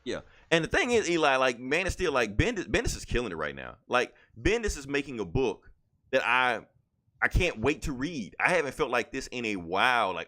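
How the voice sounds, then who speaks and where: A man's voice: mid-range voice, very animated, fairly quick, bright, forceful tone. A man casually recapping a comic book on a podcast, rambling with lots of fillers and quoted lines.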